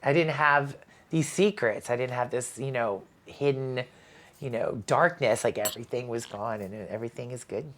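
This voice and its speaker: Very low-voiced woman, rambling chat. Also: moderate pace. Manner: rambling, heavy use of "you know" and "like"; acts out quoted voices while telling stories. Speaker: podcast guest, spirits brand co-owner. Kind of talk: casual interview chat.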